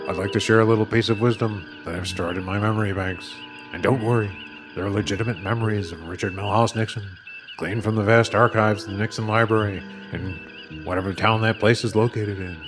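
A self-pitying computer spins a boastful tale in a low, rumbling voice, as a man acts it out. It belongs to a spoofing audio play. Clear music plays behind it. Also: lightly acted. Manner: boastful folksy storytelling. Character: male ship computer impersonating Nixon, self-pitying, rambling. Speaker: voice actor.

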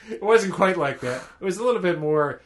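A man's voice: high voice, lively intonation, fairly quick, a loud crowd. A man reminiscing in easygoing casual chat with his brother on a podcast. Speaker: podcast co-host.

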